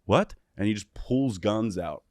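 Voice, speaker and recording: A man with a lowish voice tells a rowdy story on a podcast mic, swearing freely and jumping into the voices of the people in it. The sound is dry and close, with no room around it. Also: fairly quick, no room sound. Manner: animated, profane, acts out quotes. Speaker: podcast guest. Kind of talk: casual storytelling.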